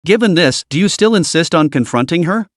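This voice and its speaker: A man's voice: a little high, animated, brisk, dry recording, studio quality, lightly acted. A man voicing a stern, cold female university counselor in a story recap, clipped and disdainful.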